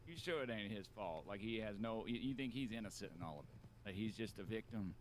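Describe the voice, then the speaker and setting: A man plays an aging outlaw in a western roleplay game, with a lowish voice. He muses slowly in halting phrases, often restarting. The outlaw is weary and reflective. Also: expressive, a little hiss or hum, lightly acted. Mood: brooding. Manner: halting, many restarts, musing. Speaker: roleplay player.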